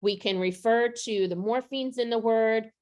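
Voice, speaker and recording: A woman runs a teacher training over a video call. She walks through each step slowly and keeps turning questions back to the group. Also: fairly high pitch, darkish tone. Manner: explaining step by step, asks questions. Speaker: literacy trainer.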